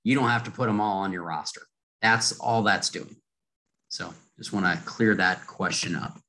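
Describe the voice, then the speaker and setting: A man moderating a webinar Q&A. He explains patiently and repeats points to make them clear. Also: lowish voice, moderate pace, bright, forceful tone, low-quality recording.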